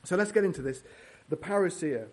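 Male preacher, slightly high voice, earnest, teaching a sermon verse by verse. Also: lively intonation, brisk. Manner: earnest, prays, teaches verse by verse with fillers and restarts. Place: church.

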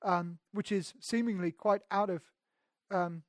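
A man delivers a sermon in a fairly high voice. He swings between raised, emphatic lines and soft, intimate passages, often repeating or restarting his words. The sound is dry and close, with no room echo. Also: fairly even intonation, measured pace. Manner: preaching with dramatic swings between loud emphasis and hushed intimacy. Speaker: pastor.

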